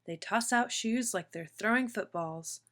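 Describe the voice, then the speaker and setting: A woman reading a children's picture book aloud in steady, even narration. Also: on the high side, measured pace. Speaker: storyteller.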